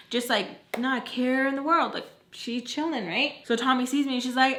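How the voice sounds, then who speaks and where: A young woman telling a storytime in a casual chat, animated, swearing and saying "like" a lot. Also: on the high side, normal speed, few pauses, roomy sound. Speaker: storytime vlogger.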